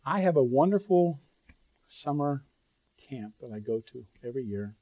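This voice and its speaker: In an earnest, conversational sermon, a man speaks directly to his audience with asides and sudden bursts of emphasis. His medium-pitched voice is warm and lively in intonation, at a normal speed, with no room sound.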